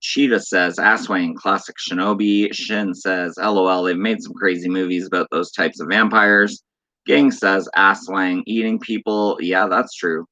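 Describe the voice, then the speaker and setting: A man hosting a horror livestream reads viewers' chat messages aloud, playfully teasing them with spooky lines. His voice is low-pitched and steady yet sharp in tone, a little slow, in a dry recording.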